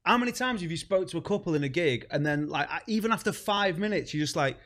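Play a male comedian guesting on a podcast, chatting in blunt, sweary banter full of quick asides. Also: fairly high pitch, lively intonation, a bit bright. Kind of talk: casual chat.

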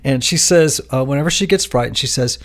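A man hosting a podcast interview, telling stories with animated asides. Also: medium pitch, a little fast. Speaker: podcast host. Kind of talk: casual interview chat.

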